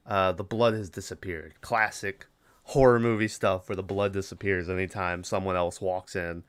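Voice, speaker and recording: A young man hosts a podcast by himself, casually recapping a horror film's plot in a rambling way full of fillers and swearing. His voice is mid-range with a fairly bright tone.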